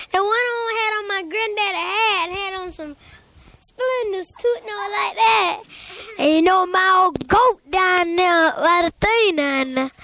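A child telling a rambling spooky story aloud, full of sound effects and little laughs. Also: female voice, very high-pitched, fairly bright tone.

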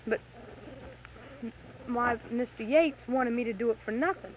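A woman's voice: on the high side, moderate pace, a crowd in the background. A middle-aged woman, a horse owner, telling stories in casual chat, acting out quoted dialogue and getting heated as she retells. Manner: animated, acts out quoted dialogue, gets heated retelling anger. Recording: tinny lo-fi tape with faint hiss.

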